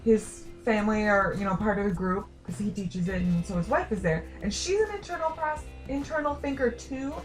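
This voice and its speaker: A young adult woman chatting casually to camera, rambling and self-deprecating with quick asides. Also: medium pitch, soft background music. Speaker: vlogger. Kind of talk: casual talking-to-camera chat.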